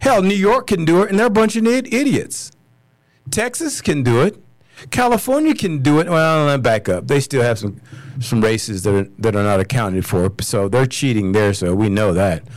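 A man's voice: mid-range voice, expressive, normal speed, no room sound. An American man hosting a podcast, delivering a furious, blunt solo rant, swearing and repeating himself. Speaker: podcast host.

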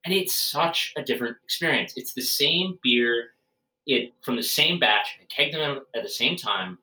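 Bright-voiced man in a roomy space. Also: mid-range voice, moderate pace. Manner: relaxed, rambling, many fillers and restarts. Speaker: brewer. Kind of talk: casual podcast chat. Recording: roomy, distant from the mic.

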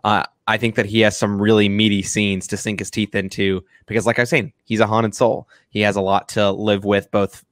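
A man's voice: lowish voice, little pitch movement, brisk, hardly any pauses, no echo, clean studio sound. A man co-hosting a casual film review chat, rambling with many restarts and fillers. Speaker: film review podcast co-host.

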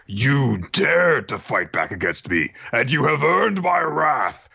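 A man voicing a huge, cruel dragon pirate lord who speaks slowly with gloating threats. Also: gravelly, pushed and bright, slightly rough, exaggerated voice. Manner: slow, booming, gloating threats. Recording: dull lo-fi sound.

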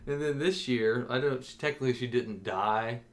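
A man's voice: mid-range voice, normal speed, a little hiss or hum. Man telling a story with lots of laughs. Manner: animated, laughs often while telling stories. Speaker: podcast co-host. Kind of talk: casual storytelling chat.

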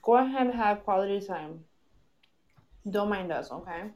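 A woman's voice: mid-range voice, expressive, normal speed, darkish tone, muffled recording. A woman hosting a casual podcast from home, chatty and laughing, chatting while she eats. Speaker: podcast host.

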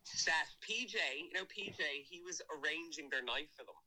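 A man chats as a podcast guest, camp and playful as he spills gossip. His voice sits fairly high and rings bright and forward. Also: animated, moderate pace, rough recording. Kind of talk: casual chat, gossipy storytelling.

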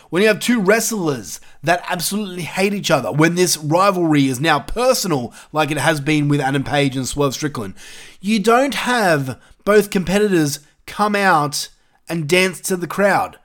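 A man's voice: fairly high pitch, animated, moderate pace, a bit bright. A man hosting his own show, giving casual solo commentary in a profane, exasperated, ranting way. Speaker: wrestling review show host.

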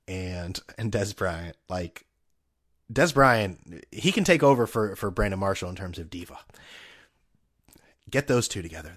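A man hosting a casual solo podcast, rambling and sarcastic with plenty of profanity. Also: lowish voice. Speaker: podcast host.

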